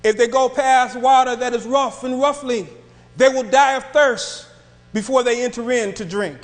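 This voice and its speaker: A man preaching a sermon in a church, moving from quiet reflective passages to raised, emphatic delivery. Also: extremely high pitch, moderate pace, big-room sound. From northern United States. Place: church sanctuary.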